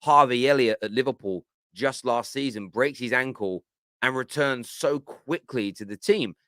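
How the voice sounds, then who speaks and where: A man hosting a football fan channel, giving animated, exasperated reaction commentary on radio clips. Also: medium pitch, normal speed, no room sound. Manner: animated, exasperated, laughs often.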